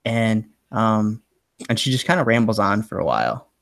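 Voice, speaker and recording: A man's voice: fairly low pitch, very animated, moderate pace, gravelly, fairly bright tone, no room sound. A man running a tabletop game as game master, narrating casually with lots of fillers.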